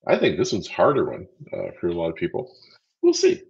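An upbeat, chatty man co-hosts a live training stream, counting down quiz answers and cheering viewers on. His voice sits on the low side. The audio is dull and lo-fi. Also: huge pitch swings, a little fast, vocal fry, darkish tone. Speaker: livestream co-host running a quiz. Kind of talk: casual livestream teaching.

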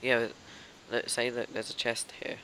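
Male gamer, eager and pushy teammate, bright tone. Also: mid-range voice, completely flat delivery, a little slow, a little hiss or hum, low-quality recording. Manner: eager, urging his friend on. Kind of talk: casual gaming chat.

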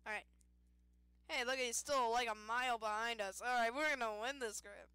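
A young woman giving casual let's-play commentary, excitable and self-mocking, yelling at the game and giggling. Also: on the high side, moderate pace, clear, resonant tone, dry recording. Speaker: gaming youtuber.

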